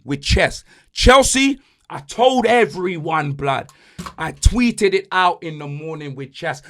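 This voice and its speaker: Brief: young man, high and lively voice, trash-talking football host. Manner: loud, boastful, mocking, heavy slang. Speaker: podcast host. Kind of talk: animated football banter.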